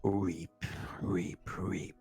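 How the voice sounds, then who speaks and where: A man voicing a creepy male scarecrow demon in whispered role-play, speaking low and slow. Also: steady tone, vocal fry, darkish tone, slightly rough, soft background music, exaggerated voice. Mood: menacing.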